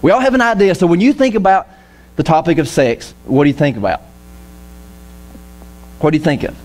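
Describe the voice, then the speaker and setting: Male pastor, casual church sermon, animated and joking, voice a touch high. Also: brisk. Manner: lively, jokey, acts out quoted voices. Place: church auditorium.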